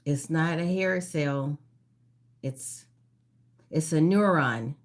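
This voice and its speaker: Woman quiz host on a casual live stream. Unhurried reads, repeats each question. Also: deep voice. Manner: reads questions slowly and repeats them, greets viewers by name. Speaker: livestream trivia host.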